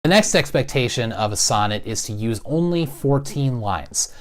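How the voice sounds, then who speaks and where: Male teacher, mid-range voice, clear and patient explainer. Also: mid-range voice, expressive, normal speed. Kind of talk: recorded classroom lesson.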